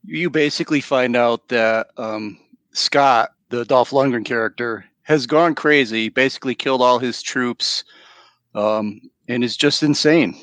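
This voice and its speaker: Relaxed joking man summarizing a plot. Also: medium pitch, a little slow, dry recording. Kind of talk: casual movie chat.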